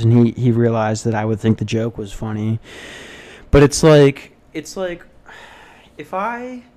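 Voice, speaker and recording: A young man from the United States talks his way through stories on his own casual podcast. He rambles and pokes fun at himself, and now and then slips into high mock voices. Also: a little mellow. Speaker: podcast host. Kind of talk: solo casual podcast storytelling. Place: hotel front desk.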